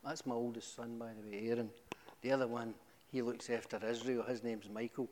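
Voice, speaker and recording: A middle-aged man giving a humorous, animated testimony to a church, with sudden high exclamations. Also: a little fast, a little hiss or hum. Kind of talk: storytelling testimony. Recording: echoey hall.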